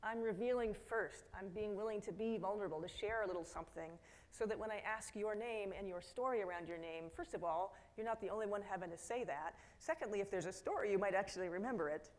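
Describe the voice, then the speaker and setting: Speaking fast at a mid-range pitch, a middle-aged woman delivers a lively, story-driven keynote talk from a conference hall stage, dropping into quoted voices and addressing the crowd directly.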